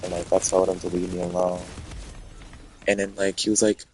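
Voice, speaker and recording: A man's voice: low voice, monotone, normal speed, slight background noise, rough recording. A man telling a rambling, profane story in a casual rant.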